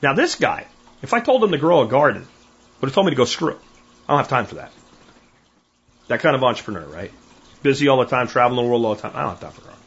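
A middle-aged man hosts a podcast, speaking at a medium pitch and a quick pace with frequent pauses and a slightly rough voice. He tells stories in a casual monologue, animatedly acting out the voices of the people he quotes. The recording is dull and lo-fi.

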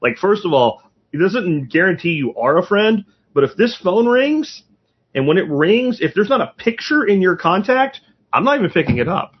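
A man's voice: sits high, very animated, normal speed, breathy edge, dull audio. A man talking in a blunt, rambling, profane way in a casual podcast chat.

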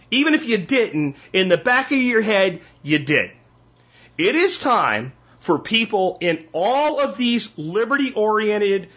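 A man's voice: sits high, pushed and bright, husky. A man hosting a podcast, delivering a blunt, profane, emphatic rant. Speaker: podcast host. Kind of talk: ranting monologue. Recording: dull lo-fi sound.

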